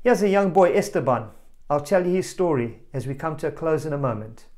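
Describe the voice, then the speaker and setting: High-voiced animated male preacher. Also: brisk. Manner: animated storyteller, rising to loud exclamations; speaks directly to children and parents. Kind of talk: family sermon.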